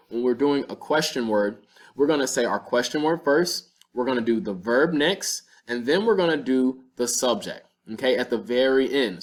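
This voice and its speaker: A man teaches a Spanish lesson in a classroom style. He talks patiently through each example and slows down to sound out the Spanish words. His voice sits at an ordinary middle pitch. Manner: patient, step-by-step explaining with slowed-down Spanish examples.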